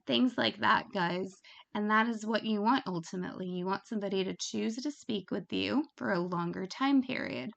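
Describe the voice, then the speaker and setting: A woman's voice: mid-range voice, normal speed, creaky, a bit bright, dull audio. A woman giving frank, chatty tips on phone work in a casual instructional talk. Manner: frank, chatty, laughs at her own examples. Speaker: phone sex operator coach.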